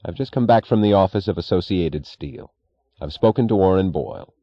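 A man playing an earnest young railroad assistant in an audiobook, urgent and pleading in a low voice. His delivery moves up and down with feeling over a dry, slightly muffled recording. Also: animated, a little fast, no echo. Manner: urgent, pleading, plain-spoken. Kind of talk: audiobook character reading.

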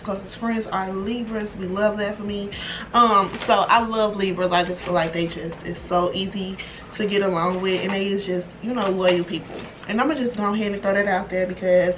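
A young woman chatting excitedly and casually through a makeup unboxing, full of slang and swearing. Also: medium pitch. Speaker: beauty vlogger. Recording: distant mic with background noise.

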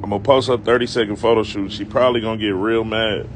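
A low-voiced man spinning a comic tale from his own life for a live stream, loose and slangy, breaking off for joking asides to whoever is watching. He is out on a city street, with the faint sound of the block behind him. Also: steady tone, fast, a little hiss or hum. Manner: loose, slangy, self-mocking, with asides to viewers. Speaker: comedic vlogger telling a story. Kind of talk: casual storytelling to a live-stream audience.

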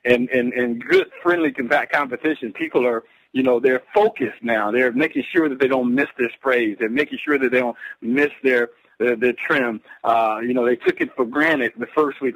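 A man's voice: mid-range voice, normal speed, hardly any pauses, no room sound, muffled recording. A man who is a pastor, speaking on a conference call with emphatic, preacher-like exhortation about sharing products. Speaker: pastor and business partner. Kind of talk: motivational sales talk.

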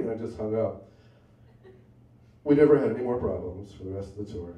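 A man with a lowish, dark-toned voice speaks a little fast as he tells a true story from his own life to a live audience in a bar, wry and conversational with asides. The sound is roomy and recorded from a distance, with faint ambience and the highs cut off.

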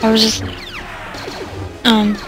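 A woman's voice: a little high, level tone, takes it slowly, vocal fry, faint music behind. Rambling, giggly woman doing game commentary. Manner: rambling, self-deprecating, giggly, many fillers. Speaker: let's play commentator. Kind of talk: casual gameplay commentary.

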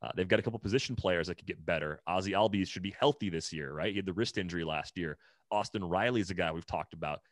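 Low-voiced man talking baseball. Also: fast talker, dry recording, clean studio sound. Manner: analytical, thinks aloud with many "like" and restarts. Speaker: podcast co-host. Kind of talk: casual baseball chat.

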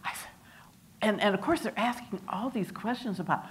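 A woman's voice: mid-range voice, moderate pace. An older woman telling family stories to a live audience, acting out the voices of the people she quotes. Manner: animated storyteller acting out quoted dialogue. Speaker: family member speaking at a campus event. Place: multipurpose room.

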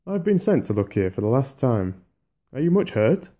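A man voicing a grave, sure-footed soldier who speaks in an earnest, measured way. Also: medium pitch, sing-song, dark tone, pitched above the performer's own voice.

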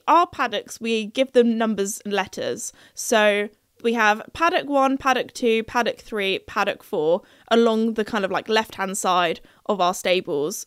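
A woman's voice: a little high, no echo. Chatty young woman, dry close sound. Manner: chatty and playful, laughing at her own story. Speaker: podcast host. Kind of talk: casual storytelling podcast.

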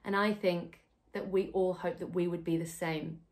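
A woman's voice: fairly low pitch, fairly even intonation, moderate pace. A woman in the cast of a musical, speaking heartfelt words from home. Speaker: musical theatre cast member. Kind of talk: remote interview answer. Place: home during lockdown.

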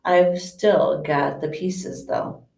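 A woman's voice: deep voice, drawn-out words, vocal fry, a little mellow, heavily acted. A woman reading aloud and voicing a huge, bashful giant of a man who stammers and hesitates. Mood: nervous. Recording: echoey room, distant mic.

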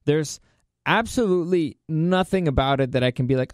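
A man vlogging a casual opinion rant, animated and incredulous, with crude outbursts. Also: a little high, normal speed, dry recording, studio quality.

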